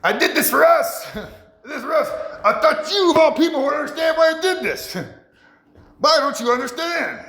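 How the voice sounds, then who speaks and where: A man voicing a desperate young man who pleads his case and rises to shouting. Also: very high voice, big pitch swings, slow, long pauses, reverberant, voice pushed up, heavily acted.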